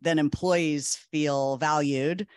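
A woman speaking as a panel guest, earnest and animated, telling a story with quick restarts. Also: low voice, no echo, clean studio sound. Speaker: clinical psychologist speaker. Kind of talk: conversational panel talk.

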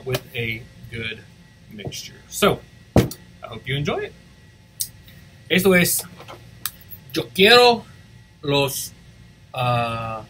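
A man reading a picture book aloud for school morning announcements, expressive and switching between English and Spanish. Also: mid-range voice, a little hiss or hum, low-quality recording. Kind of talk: read-aloud storytelling.

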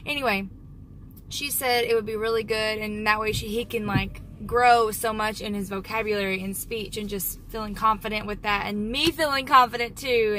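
A woman's voice: mid-range voice, fairly even intonation, normal speed, pushed and bright, slight background noise. A young woman chatting casually in a family vlog, upbeat and sing-song when she talks to her kids. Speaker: family vlogger and mother.

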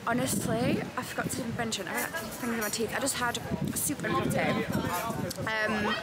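A woman's voice: a little high, steady tone, normal speed, heavy background noise. A woman in her thirties from England, chatting casually to her phone camera in a vlog and laughing often as she talks. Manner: chatty, bubbly, laughs a lot mid-sentence. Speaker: vlogger. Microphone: handheld phone camera at arm's length.

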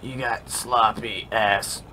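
A man's voice: lowish voice, steady tone, slow, bright, forceful tone, slight background noise. A man voicing a resentful young female crocodile in a video game, speaking with cutting scorn. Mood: scornful.

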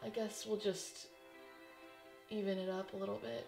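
A young woman vlogging casually in front of a mirror, excitable and gushing, often gasping and exclaiming. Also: medium pitch, moderate pace, pauses often. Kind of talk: casual vlog chat. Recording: roomy echo with faint background music.

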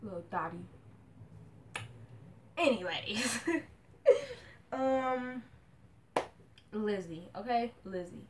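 A young woman vlogging casually, dramatic and slangy, swinging from hushed murmurs to loud outbursts. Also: mid-range voice, slow pace, pauses often, a little hiss or hum. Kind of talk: casual vlog rant.

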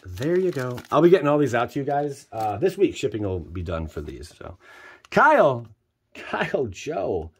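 A man casually commenting as he opens card packs for viewers, excitable and joking, jumping between loud hype and quiet muttering. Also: mid-range voice, normal speed, slightly rough. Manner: slangy, joking, teasing. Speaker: channel host opening card packs for viewers.

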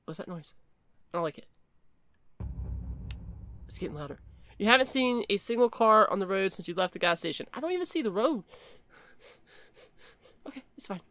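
A woman giving chatty, excitable commentary while playing a horror game and reading its text aloud. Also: medium pitch, normal speed, pauses often. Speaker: gaming video creator.

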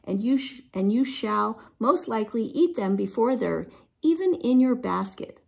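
A woman's voice: a little high, lively intonation, unhurried, vocal fry, a little mellow. A woman reading as an eager young colonial girl. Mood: cheerful.

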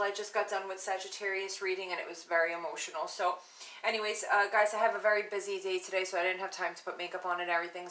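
A woman reading tarot to camera in a casual, chatty way, with many fillers, and murmuring repeated invocations. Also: mid-range voice. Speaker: tarot reader. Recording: echoey room with loud background noise.

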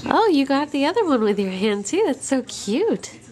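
A woman's voice: high-pitched, very animated, moderate pace, a little mellow. Young mother cooing in sing-song baby talk. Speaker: mother filming her babies. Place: home living room. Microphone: handheld camera.

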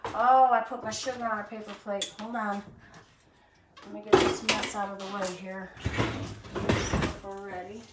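A woman's voice: mid-range voice, little pitch movement, normal speed, long pauses, distant mic. A woman hosting a casual cooking livestream from her home kitchen, chatting straight to her viewers as she cooks. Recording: noisy home recording with clicks.

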